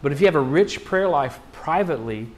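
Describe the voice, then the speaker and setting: A male pastor talks through his sermon loosely and conversationally, using lively intonation. His voice is somewhat higher than most men's, and rhetorical questions and quick restarts come up often.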